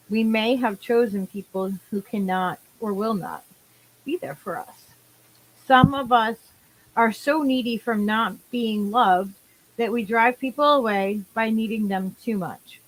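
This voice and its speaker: A woman co-hosting a casual talk show, reading affirmations slowly and gently and giggling now and then. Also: medium pitch, low-quality recording. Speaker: podcast co-host.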